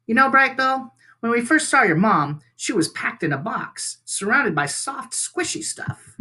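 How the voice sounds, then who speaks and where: A man's voice: very high voice, animated, measured pace, bright, forceful tone, pitched above the performer's own voice, exaggerated voice. A man doing a bubbly, chatty otter. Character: chatty female otter, friendly and eager.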